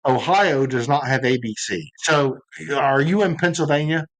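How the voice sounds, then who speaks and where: A man's voice: fairly high pitch, normal speed, no room sound, low-quality recording. A man guesting on a live stream in a loose, tipsy chat, emphatic and opinionated and often repeating himself.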